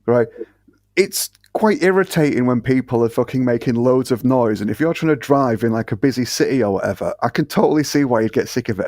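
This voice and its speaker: A man on a podcast complains bluntly, swearing as he goes. His voice sits at an ordinary pitch and sounds dry and close to the mic. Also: darkish tone, no room sound. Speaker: podcast guest. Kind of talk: casual podcast chat.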